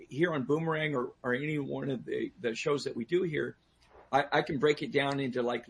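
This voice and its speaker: A man's voice: mid-range voice, creaky, slightly rough. A man speaking as a guest on a talk show, giving personal safety advice with emphatic restarts and questions aimed at the audience.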